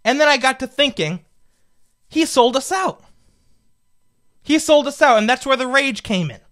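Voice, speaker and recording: A man's voice: very high voice, animated, moderate pace, bright, forceful tone. A man in his twenties, a political commentator, delivering a fired-up, indignant opinion rant full of rhetorical questions. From United States. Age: 20s.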